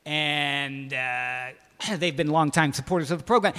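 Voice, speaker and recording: A man's voice: on the high side, unhurried, pushed and bright, big-room sound. A man hosting a radio music show, talking loosely and rambling with hip slang. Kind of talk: casual radio banter.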